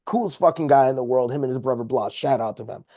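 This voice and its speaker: Heated and profane, a male podcast guest retells a confrontation in casual storytelling, his mid-range, mellow voice coming fast. The podcast mic captures him close up with a dry sound.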